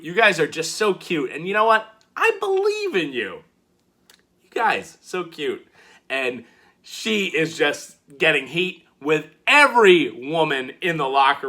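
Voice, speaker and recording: A man casually recapping a wrestling show, animated and playful, acting out the quotes he retells. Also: a little high.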